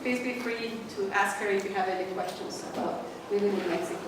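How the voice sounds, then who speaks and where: A woman's voice: mid-range voice, quick pace. A woman hosting an event, introducing the speaker in a friendly, joking way. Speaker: event host. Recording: echoey room, distant mic, background noise.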